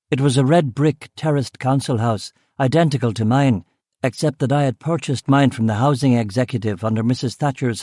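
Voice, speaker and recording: Brief: male audiobook narrator, mid-pitched, measured and steady, close and dry. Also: no echo. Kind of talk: first-person audiobook narration.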